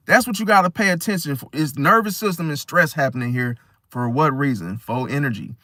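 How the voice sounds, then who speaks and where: Male host, casual street-slang monologue, animated, slightly high pitch, dry recording. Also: a little fast, no room sound. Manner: animated, acts out quoted people in high voices; slangy, addresses listener as bro. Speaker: astrology video host.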